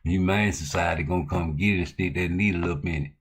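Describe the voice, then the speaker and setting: A man hosting a livestream, talking in loose, profane, slang-heavy banter that heats up into loud outbursts. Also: sits low, quick pace. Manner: heated, rising to loud outbursts. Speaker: livestream host. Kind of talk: casual livestream talk.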